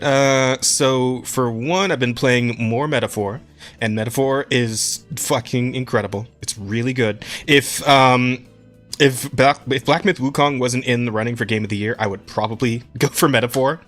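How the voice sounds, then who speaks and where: A man's voice: mid-range voice, moderate pace, a bit bright, soft background music. A young man co-hosting a casual podcast, talking about games in an enthusiastic, rambling way, swearing and laughing often. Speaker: podcast co-host.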